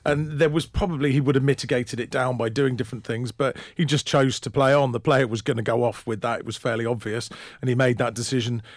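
A man's voice: mid-range voice, steady tone, quick pace, few pauses, dry recording, studio quality. A man co-hosting a casual rugby chat, matter-of-fact with playful asides. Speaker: podcast co-host.

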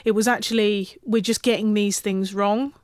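A woman's voice: mid-range voice, moderate pace, dry recording, studio quality. A woman rugby referee talking casually on a podcast, retelling match incidents with lots of restarts. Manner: animated storytelling with many restarts.

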